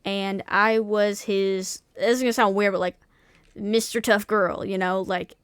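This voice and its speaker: A woman's voice: mid-range voice, steady tone, unhurried, clean tone, no echo, clean studio sound. A young woman streamer in casual chat, talking candidly and swearing freely, with many restarts and fillers.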